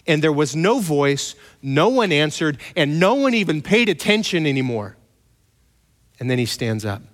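A man preaches, retelling scripture with animated storytelling, joking asides and quick mock voices. His voice sits fairly high, and a long hall reverb trails behind his words. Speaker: pastor. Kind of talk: sermon.

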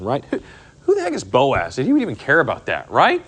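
A man teaching a casual Bible study, animated and conversational, often checking in with "right?" and "okay?". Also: mid-range voice, brisk, husky. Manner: animated, acts out characters in quotes, frequent "right?" and "okay?".

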